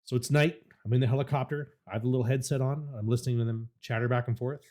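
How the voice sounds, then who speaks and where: A man's voice: mid-range voice, fairly even intonation, fast, mellow. A young adult man on a podcast, telling a story in a casual way and swearing freely. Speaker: podcast co-host.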